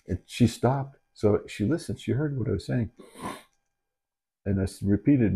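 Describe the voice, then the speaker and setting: A middle-aged man, a dementia caregiver, talking candidly and haltingly in a reflective personal video, with many restarts. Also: mid-range voice, gravelly, warm tone, breathy edge. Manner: earnest and candid. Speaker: dementia caregiver and channel host. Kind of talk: reflective personal talk to camera.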